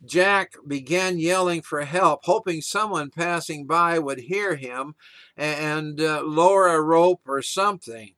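A man preaching a sermon, earnest and steady, telling stories to make his point. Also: fairly high pitch, slow, no echo.

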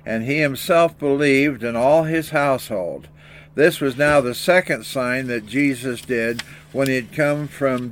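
An older man preaching a sermon, reading scripture and telling anecdotes in an earnest, storytelling way. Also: medium pitch. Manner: earnest, storytelling delivery with small restarts. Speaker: pastor.

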